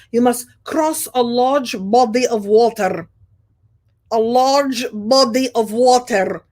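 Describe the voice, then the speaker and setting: A woman voicing a mysterious female psychic seer, speaking in slow, solemn, insistent pronouncements. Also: on the high side, natural voice.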